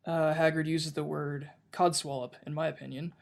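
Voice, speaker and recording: A man's voice: on the high side, little pitch movement, moderate pace, gravelly, few pauses. A man co-hosting a casual podcast book discussion, rambling, reading passages aloud and often restarting his sentences. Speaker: podcast co-host.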